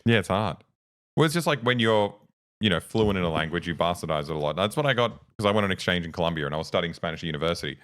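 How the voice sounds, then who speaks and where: A man's voice: sits low, animated, very fast, a bit bright. A young Australian man co-hosting a casual podcast chat, swearing freely and laughing often. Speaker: co-host.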